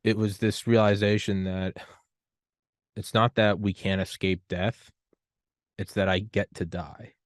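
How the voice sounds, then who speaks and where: Rambling man with a low voice. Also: flat delivery, unhurried, pauses often, no echo, clean studio sound. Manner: rambling, grows loud and high-pitched when worked up. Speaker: podcast host. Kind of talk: casual conversation.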